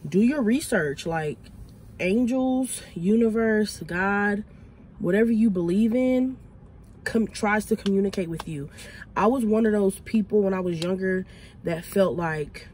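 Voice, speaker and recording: A young woman from Texas with a Southern accent, chatting quickly and excitedly to viewers from inside her car in a casual vlog. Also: medium pitch, a little hiss or hum. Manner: fast, excitable, chatty, addresses viewers as y'all. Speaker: vlogger. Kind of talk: casual vlog talk to camera.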